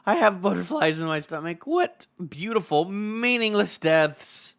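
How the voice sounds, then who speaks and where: A sneering villain gloats over the doom of others , read out by a man. The voice sits high and swings widely, and it has a bright, sharp edge. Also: lively intonation, measured pace, creaky, heavily acted. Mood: gloating.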